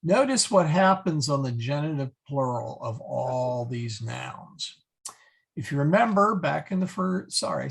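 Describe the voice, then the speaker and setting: Male lecturer, plain middle pitch, gravelly and slow, stops often to correct himself. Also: fairly bright tone. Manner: halting, many fillers and self-corrections. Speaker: Latin teacher. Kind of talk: recorded class lecture.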